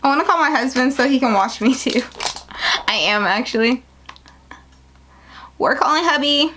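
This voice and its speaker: A young woman filming a casual unboxing vlog on her phone at home, gushing and excitable, jumping into high squeals. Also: normal speed, a little hiss or hum. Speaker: beauty vlogger starting a business. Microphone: phone camera.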